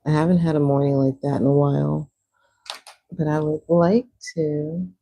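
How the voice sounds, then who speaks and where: A young woman chats her way through a live painting stream, talking loosely and filling her sentences with "like." Her voice sits low and dark, with a gravelly fry and a husky edge. It stays relaxed and conversational throughout. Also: normal speed, rough recording. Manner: chatty, rambling, many "like" fillers. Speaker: livestreamer. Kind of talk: casual chat while painting on a livestream.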